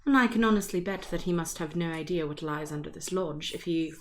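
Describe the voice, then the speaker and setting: A woman's voice: on the low side, brisk, a little hiss or hum. A woman player in a tabletop game, earnestly thinking aloud. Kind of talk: casual chat.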